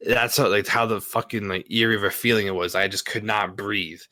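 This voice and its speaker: Profane, forceful man telling a story. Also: fairly low pitch, brisk, dry recording. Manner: profane, filler-heavy, animated retelling. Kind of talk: casual storytelling.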